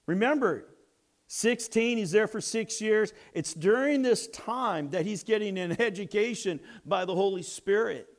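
Man, high voice, preacher, storytelling sermon, hushed-to-loud swings. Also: measured pace.

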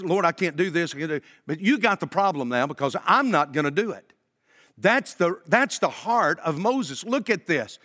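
Emphatic preacher in a reverberant church. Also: male voice, fairly high pitch. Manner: emphatic preaching, swinging from loud to hushed. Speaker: pastor. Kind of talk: sermon. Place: church sanctuary. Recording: long hall reverb.

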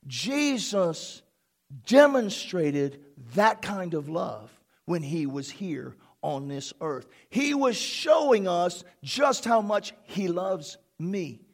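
A man preaching a sermon as pastor in a church, swinging from slow, quiet lines to emotional shouting and leading the congregation in call-and-response. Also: high voice.

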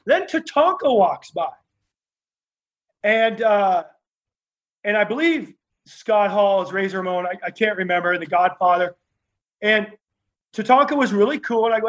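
A man telling rambling, animated stories in a casual interview, full of fillers and restarts. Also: sits high, moderate pace, pauses often, highs cut off. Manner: laughs while telling stories. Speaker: interview guest, former wrestler.

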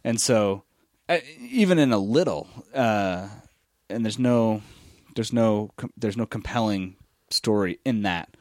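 A man co-hosting a casual podcast chat, reviewing comics in an animated, critical way with plenty of fillers and restarts. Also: on the low side, a little slow, no echo. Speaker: podcast co-host.

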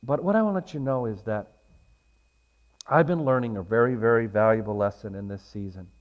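A pastor preaching a sermon who swings between loud, emphatic points and a quieter, conversational storytelling voice. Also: male voice, on the low side, a little fast, muffled recording. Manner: rises to loud emphatic points, then drops to a soft storytelling tone.

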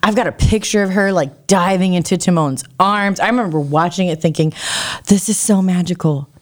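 A woman co-hosting a podcast, telling stories in a casual, animated way. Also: lowish voice. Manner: animated storytelling with quick bursts. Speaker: podcast co-host. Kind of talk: casual chat.

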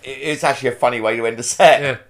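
A man's voice: medium pitch, fairly even intonation, fast talker. A man, a comedian, chatting easily and agreeing often. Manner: easygoing, agreeable, lots of "yeah". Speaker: stand-up comedian. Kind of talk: casual chat between comedians.

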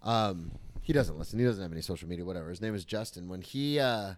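A young man on a podcast, telling a story in casual chat, swearing and acting out quotes loudly. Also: deep voice, quick pace, a little hiss or hum. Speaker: podcast co-host.

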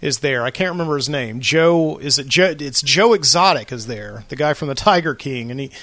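A man's voice: mid-range voice, lively intonation, a little fast, a bit bright, no echo. A man hosting a late-night solo podcast from a studio, telling a long rambling story with lots of fillers. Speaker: podcast host.

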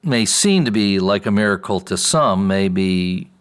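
Hesitant, low-voiced skeptic. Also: male voice, lively intonation, a little slow, clean tone. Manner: hesitant, thoughtful, with fillers. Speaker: skeptical questioner. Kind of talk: scripted dialogue.

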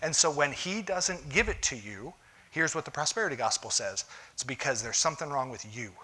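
Emphatic male pastor, bright voice. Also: on the high side, expressive, brisk. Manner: emphatic, keeps saying "listen". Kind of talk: conversational sermon.

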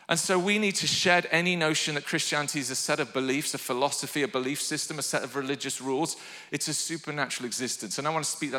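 Guy preaching, high bright voice, gets loud and fired up, big echoey hall. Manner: passionate preaching, rising to shouted calls to the online congregation. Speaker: pastor. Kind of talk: sermon.

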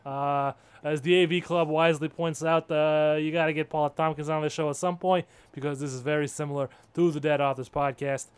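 A mock-pompous commentator with an accent nobody could place, as a podcast host puts him on. He holds forth with self-mocking gravity, his voice pitched a little higher than most men's. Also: level tone, a little fast, hardly any pauses, smooth, close to an everyday voice. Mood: mock-serious. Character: vague-accented man with opinions, self-mocking. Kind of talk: comedic bit in podcast chat.

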